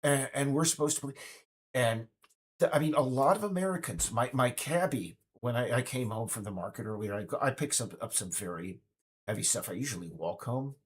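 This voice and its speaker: A man's voice: medium pitch, brisk, breathy edge. A man in his fifties speaking in a casual, indignant, rambling monologue full of restarts. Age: 50s. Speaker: game developer vlogger.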